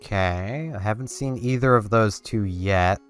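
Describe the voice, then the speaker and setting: A man's voice: lowish voice, unhurried, smooth, soft background music. A man giving casual let's-play commentary, rambling and talking to himself and to the game as he plays. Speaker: gameplay commentator.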